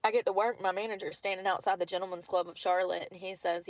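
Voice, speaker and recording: A woman's voice: mid-range voice, steady tone, fast talker, no echo. A woman talking in casual chat from a parked car at night, rambling, laughing often and swearing freely. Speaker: vlogger.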